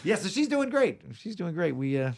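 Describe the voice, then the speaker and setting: A man's voice: high voice, sing-song, normal speed, a little mellow. A man in his forties, a voice actor chatting as an interview guest, rambling with plenty of fillers and restarts. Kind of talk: casual interview chat.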